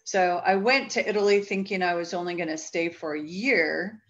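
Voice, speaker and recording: Fifties woman coach chatting on a video call, lowish voice, kinda muffled lo-fi sound. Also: normal speed. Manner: reflective, chatty, frequent fillers. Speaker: volleyball coach, guest. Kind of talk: casual interview talk.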